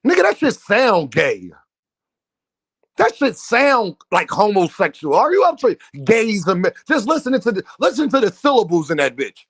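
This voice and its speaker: A man with a high voice that swings widely up and down, hosting a livestream and firing back at his chat. He is brash, profane and mocking, and he sounds dry and close to the mic. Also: wildly swooping pitch, normal speed, husky, no echo. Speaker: boxing livestream host. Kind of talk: heated livestream rant at viewers.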